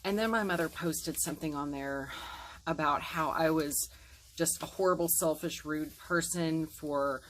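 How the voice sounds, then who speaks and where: A woman in her forties, with a low, fairly bright voice and an unhurried delivery, tells a painful personal story to camera. She's earnest and emotional, acting out what people said to her. The recording is rough, with slight background noise.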